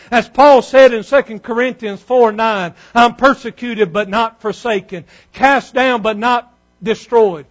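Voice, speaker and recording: A man preaching a sermon fervently, building up to shouts. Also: very high-pitched, highs cut off.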